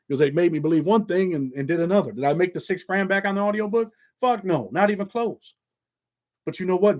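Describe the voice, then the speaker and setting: Man, middle-aged, blunt, streetwise, swears a lot, slightly high voice, casual monologue. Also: darkish tone. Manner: blunt, streetwise, profane and conversational. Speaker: YouTube channel host.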